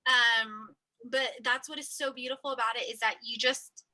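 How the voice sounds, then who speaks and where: Female podcast host; high-pitched, bright and crisp, emphatic in casual chat. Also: fairly even intonation, moderate pace, low-quality recording. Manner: warmly reflective, emphatic repetition.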